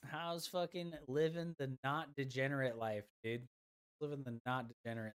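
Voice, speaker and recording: A woman's voice: a bass voice, steady tone, normal speed, clear, resonant tone. A woman streaming a game, chatting casually with her viewers in crude, profane, teasing banter. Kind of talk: casual gaming stream chat.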